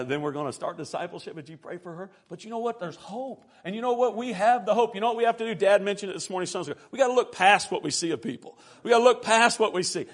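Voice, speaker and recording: An impassioned man preaches, his voice pitched high for a man. He reads scripture aloud and then speaks straight to the congregation. He swings from a near hush to a full, loud delivery. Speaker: pastor. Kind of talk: sermon.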